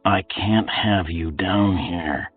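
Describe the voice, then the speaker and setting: A man voicing a gruff, brutal male slave overseer who talks in a low, menacing whisper. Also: steady tone, unhurried, heavily acted. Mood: hushed urgent. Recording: tinny phone-like, distant, faint music.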